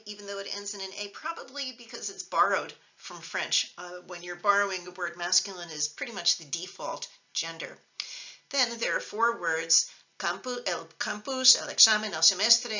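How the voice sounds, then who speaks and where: A woman records a teaching video, walking through each point patiently and clearly, with the odd filler as she goes. Her voice is very bright, sitting a little low for a woman. The recording sounds slightly dull and lo-fi. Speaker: Spanish teacher.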